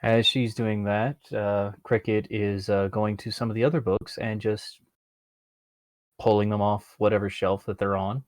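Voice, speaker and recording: Very deep-voiced woman, dry sound. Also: fairly even intonation, a little slow, a little mellow, no room sound. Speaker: player. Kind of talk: casual game chat.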